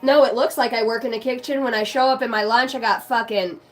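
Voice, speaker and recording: A woman's voice: a little high, steady tone, fast talker, soft background music. A woman chatting casually on a live stream, brash and profane, laughing often.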